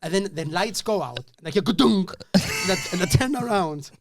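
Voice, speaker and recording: A man telling a comedy gig story on a podcast, animated and swearing as he acts out the people in it. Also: sits high, moderate pace, background noise. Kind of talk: casual podcast anecdote.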